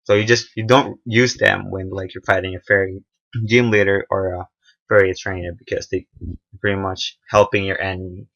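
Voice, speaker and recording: A young man giving casual, unscripted commentary on a game trailer, halting often with fillers and restarts. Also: deep voice, little pitch movement, vocal fry, fairly bright tone, dull audio. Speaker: gaming video reviewer.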